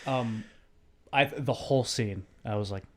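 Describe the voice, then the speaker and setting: Male co-host, deadpan and dry, relaxed movie talk. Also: mid-range voice, unhurried. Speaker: podcast co-host. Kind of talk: casual movie chat.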